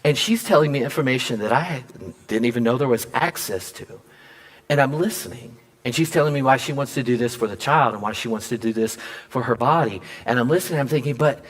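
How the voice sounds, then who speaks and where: A man preaching a sermon, telling a personal story and acting out the dialogue with lively swings in his voice. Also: fairly quick. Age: adult father. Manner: animated, acts out quoted dialogue with big pitch jumps. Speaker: pastor.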